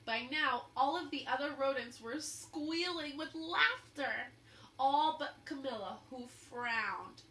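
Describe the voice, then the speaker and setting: A woman reading a children's picture book aloud, pausing to explain the story to young listeners. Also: high voice, sharp tone. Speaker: storybook reader. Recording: roomy echo, faint hum.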